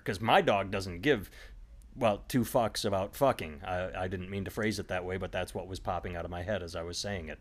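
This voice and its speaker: A middle-aged man hosts a casual comedy podcast. He rambles through stories with plenty of animation and drops into quick put-on voices for the people in them. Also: on the low side. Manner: rambling, animated storytelling with sudden voiced impressions. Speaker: podcast host.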